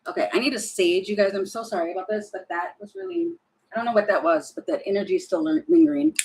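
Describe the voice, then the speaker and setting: A woman's voice: mid-range voice, big pitch swings, fast talker, a little mellow, slight background noise, rough recording. A woman giving tarot readings on a live stream, chatty and apologetic, thinking aloud as she goes. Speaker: tarot reader.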